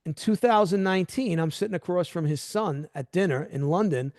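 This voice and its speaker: A middle-aged man hosting a podcast, chatting casually and telling animated stories that act out quoted dialogue. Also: sits high, brisk, no room sound, studio quality. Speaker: podcast host. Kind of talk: casual interview chat.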